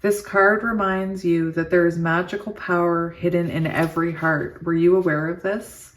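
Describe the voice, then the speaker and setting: A woman tarot reader reading oracle card texts slowly and soothingly, breaking into giddy, laughing asides. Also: lowish voice. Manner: giddy and excitable, laughs often. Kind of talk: reading oracle cards aloud with chatty asides.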